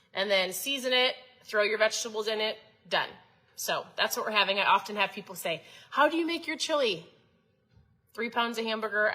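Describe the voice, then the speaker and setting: A woman's voice: medium pitch, pushed and bright, low-quality recording. A woman in her thirties hosting a casual motivational talk, chatty and coaching, often asking her viewers questions. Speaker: host.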